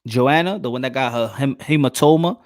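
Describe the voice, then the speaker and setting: A man's voice: mid-range voice, fairly quick, no echo, clean studio sound. A man with a New York accent hosting a casual chat, loose and slangy, laughing often. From New York City. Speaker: podcast host.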